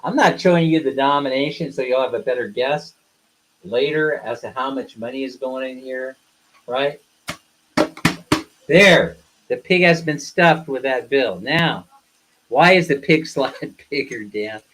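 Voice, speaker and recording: This live streamer, who co-hosts a couple's channel, has a mid-range, fairly bright voice and a measured pace, heard through poor audio. Talking casually, he bluntly rants at his viewers and then teases them playfully.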